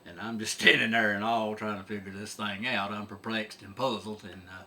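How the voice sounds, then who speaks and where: Country guy spinning a funny yarn, bright tone, chuckles as he goes. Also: fairly low pitch, fairly even intonation, brisk. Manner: drawling, laughs at his own tale. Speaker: storyteller. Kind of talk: folksy comic storytelling.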